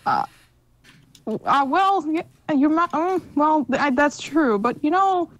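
A woman's voice: high voice, animated, highs cut off. Giggly young woman on a stream. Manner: giggly, jokey, quick to laugh. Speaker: stream co-host. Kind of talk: casual chat on a stream.

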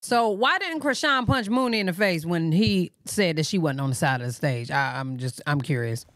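A woman's voice: lowish voice, lively intonation, moderate pace, fairly bright tone. A woman hosting a live reaction stream, throwing in blunt, sassy comments.

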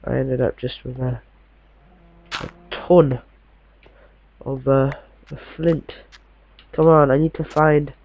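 A man's voice: medium pitch, steady tone, takes it slowly, gravelly, pauses often, lo-fi sound, a little hiss or hum. A man giving casual, chatty gameplay commentary, muttering to himself and swearing mildly as he plays.

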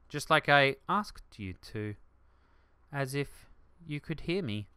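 A man hosting a let's play, rambling excitedly through gaming commentary and jumping to shouts. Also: medium pitch, measured pace, clear, resonant tone, dry recording, clean studio sound.

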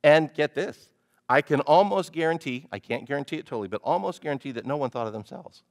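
A male pastor preaching a sermon, animated, often putting questions to the congregation. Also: on the high side, quick pace.

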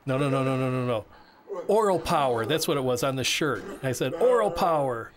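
A man voicing a signer's interview answers as interpreter, halting with frequent restarts and repeated words. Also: medium pitch, steady tone, crowd noise.

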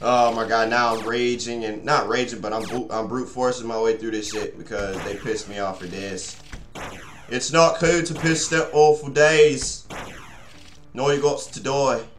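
A man's voice: medium pitch, fairly even intonation, unhurried, faint music behind. A young man giving let's play commentary, frustrated, swearing a lot and rambling to his viewers. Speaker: gaming channel host. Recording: echoey room.

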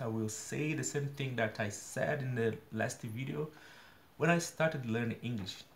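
A man from São Paulo with a Brazilian Portuguese accent, a native Portuguese speaker, earnestly practising English in a daily video and explaining grammar slowly with examples. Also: medium pitch, reverberant, a little hiss or hum. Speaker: English learner vlogger.

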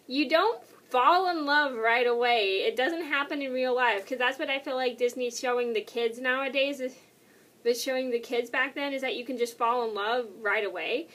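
A woman's voice: high voice, steady tone, brisk, a bit bright. A young woman vlogging casually, answering questions in a rambling, self-correcting way and sounding tired. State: tired and yawning. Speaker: YouTuber.

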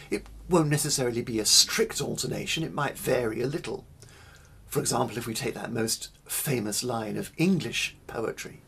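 A man teaching early music in a slow, deliberate spoken lecture, stressing single words and pausing between them. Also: medium pitch, creaky, husky.

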